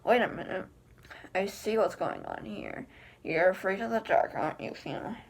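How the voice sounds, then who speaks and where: Woman reading as grumpy male ogre; plain, flat script read, mid pitch. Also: moderate pace, gravelly, husky, full character voice. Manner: flat read-aloud delivery with slips. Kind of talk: reading a film script aloud.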